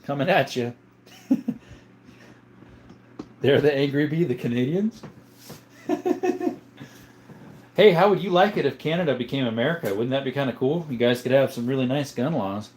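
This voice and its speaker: A man hosting a casual livestream from home, reading viewer comments aloud in an easygoing way, chuckling often and thinking out loud. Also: medium pitch, fairly quick, long pauses, a little hiss or hum. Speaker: livestream host.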